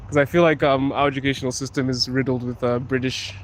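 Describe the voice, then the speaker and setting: A man's voice: mid-range voice, little pitch movement, fast. A man from Africa live-streaming as he walks outdoors through city streets, chatting casually, laughing often and answering viewers' comments. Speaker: vlogger. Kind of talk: live-streamed walking vlog. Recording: noisy outdoor street recording.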